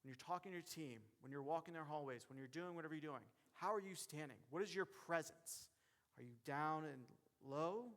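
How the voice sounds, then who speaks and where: A man giving a motivational keynote as a referee, speaking directly to the audience in a lively way. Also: a little high, fairly quick. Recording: long hall reverb.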